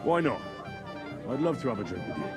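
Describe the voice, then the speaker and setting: A man's voice: mid-range voice, big pitch swings, a little fast, loud music behind the voice, close to an everyday voice. A man playing a dryly polite young hero. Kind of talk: video game voice acting.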